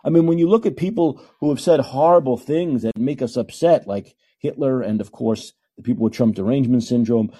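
A man's voice: mid-range voice, a little fast, hardly any pauses, mellow, husky. A man hosting a call-in podcast, ranting emphatically and repeating himself for effect. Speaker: podcast host.

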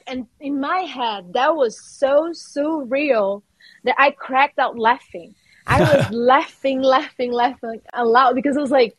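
A woman's voice: high voice, unhurried, breathy edge, no room sound. A woman from Brazil with a Brazilian accent, speaking as a guest in a casual podcast interview, passionate and emphatic, restarting her phrases often. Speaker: guest, artist and actor.

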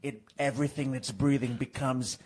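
A performer voicing a bloodthirsty boy who just hit puberty, talking in a low, menacing tough-guy voice with a northeastern Italian-American accent. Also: steady tone, normal speed, darkish tone, lightly acted.

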